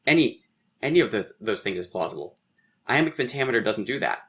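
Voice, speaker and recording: A middle-aged poet being interviewed on a podcast, explaining in a professorial way and thinking aloud with frequent restarts. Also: male voice, medium pitch, lively intonation, a little fast, a bit bright. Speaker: poet and guest.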